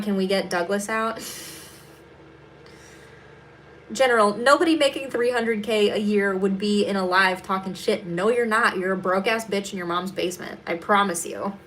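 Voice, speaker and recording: Woman, young adult, comedian, livestream chat, blunt, sarcastic, swears a lot, middle pitch, doing makeup while talking. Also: a bit bright, a little hiss or hum. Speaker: stand-up comedian hosting a livestream. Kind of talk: casual livestream chat answering viewers.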